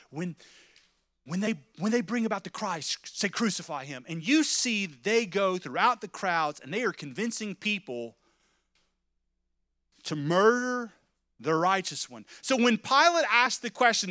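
A male preacher tells a vivid story in sermon style, his voice high and bright. He swings between quiet, low passages and loud, shouted moments. The sound is dry and close, with no room echo. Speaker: pastor.

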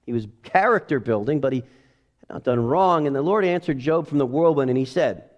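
A man preaching a sermon, moving between quiet reflective passages and loud, rising exclamations. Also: mid-range voice, normal speed, lo-fi sound. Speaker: pastor.

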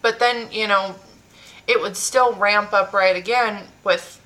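A woman's voice: mid-range voice, fairly even intonation, pushed and bright, low-quality recording. A woman hosting a casual chat, asking questions and often restarting her sentences. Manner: inquisitive, quick restarts. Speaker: host.

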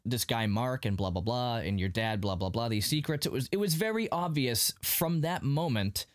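A man hosting a podcast in easy, casual conversation, with a voice that sits at an ordinary middle pitch. He walks through the plot with animated paraphrase of the characters. The sound is dry, with no room echo. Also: moderate pace. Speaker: podcast host recapping a TV episode. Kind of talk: casual chat.

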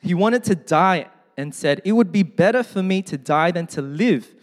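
A man's voice: high-pitched, expressive, normal speed. A man preaching a sermon in a conversational way, with joking asides, who also reads scripture aloud. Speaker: pastor. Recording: long hall reverb.

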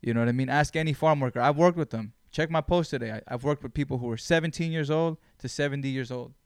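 A man's voice: mid-range voice, fast talker, clear, resonant tone, dry recording, clean studio sound. Blunt, swearing male podcast host. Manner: blunt, swears often, animated storytelling. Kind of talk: casual chat.

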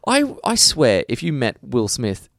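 A man's voice: mid-range voice, huge pitch swings, unhurried, vocal fry, no echo, studio quality. A man co-hosting a podcast in casual chat, ranting heatedly with profanity and restarts. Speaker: podcast co-host.

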